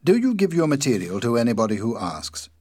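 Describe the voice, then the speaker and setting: A man reading the part of an agitated, angry male anarchist, pressing and indignant, in a husky, animated voice. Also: medium pitch, brisk, no room sound, clean studio sound.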